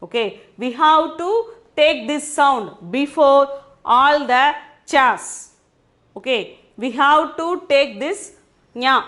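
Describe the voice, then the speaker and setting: This Hindi teacher has a high-pitched, somewhat bright voice. She gives an online language lesson, going over each point patiently again and frequently asking whether her students are following.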